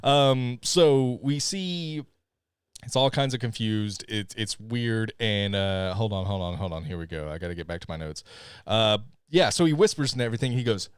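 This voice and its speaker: A man co-hosting a casual movie review podcast, his pitch swinging widely as he acts out scenes in quick put-on voices. The sound is dry and close. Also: animated, clean tone, no room sound. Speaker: podcast co-host.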